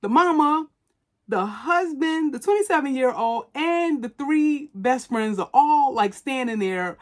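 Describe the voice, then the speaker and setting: A woman hosts a podcast, retelling a movie plot in loose, animated storytelling. She peppers it with slang and cursing, and her voice sits a little high. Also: unhurried. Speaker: podcast host. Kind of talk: casual movie recap.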